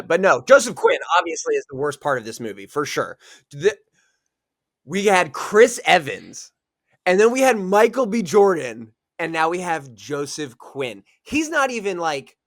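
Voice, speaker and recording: A man's voice: medium pitch, a bit bright, no room sound. Exasperated man, dry close sound. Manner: blunt, swearing, exasperated. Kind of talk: casual chat.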